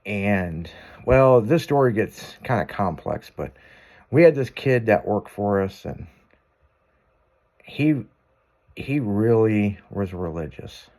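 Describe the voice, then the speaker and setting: A man's voice: on the low side, expressive, slow pace, darkish tone. A man hosting a radio show, telling rambling, profane stories in a casual on-air chat. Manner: rambling, profane, self-amused anecdotes.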